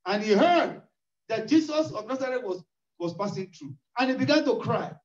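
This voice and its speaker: A man delivers a sermon in a strikingly high voice, leaning on repetition and rising cries for emphasis. He sounds distant from the mic in an echoey church hall. The recording is muffled and lo-fi. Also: expressive, normal speed. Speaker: preacher.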